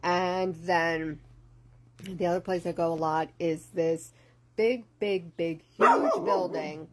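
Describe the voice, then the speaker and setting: Low-voiced woman rambling about dreams. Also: slow, slight background noise. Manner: rambling, descriptive, with fillers. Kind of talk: casual storytime.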